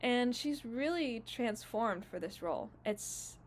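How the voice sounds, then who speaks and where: A woman's voice: fairly high pitch, lively intonation, slow pace, slight background noise. A woman in her twenties recapping casually for her vlog, gushing and emotional, full of fillers. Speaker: YouTuber.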